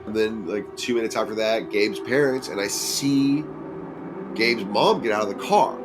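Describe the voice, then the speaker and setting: A man with a fairly low voice tells a true story in a casual, conversational way. He is lively and jumps into other people's lines with a raised voice. Soft music plays faintly behind him. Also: normal speed. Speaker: podcast guest storyteller.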